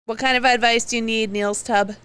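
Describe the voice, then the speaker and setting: A woman's voice: on the high side, fairly even intonation, a little fast, fairly bright tone, smooth, no room sound. A woman co-hosting a podcast, chatting casually and teasing with a laugh. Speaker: podcast co-host. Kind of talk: casual chat.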